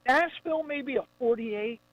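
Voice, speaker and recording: High-voiced, easygoing male radio guest. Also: normal speed, phone-quality sound, a crowd in the background. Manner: easygoing, agreeable. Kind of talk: casual radio banter.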